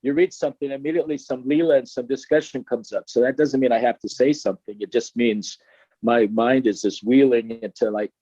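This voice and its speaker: A man joining a group discussion as a guest over a video call, hesitant and halting, often trailing off. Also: mid-range voice, fairly even intonation, dark tone, breathy edge, no echo. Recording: dull, muffled call audio.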